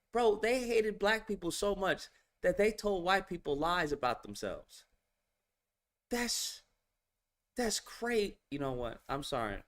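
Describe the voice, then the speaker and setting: A man's voice: sits high, fairly bright tone. A man hosting a reaction video, giving casual commentary and exclaiming in disbelief as he repeats himself.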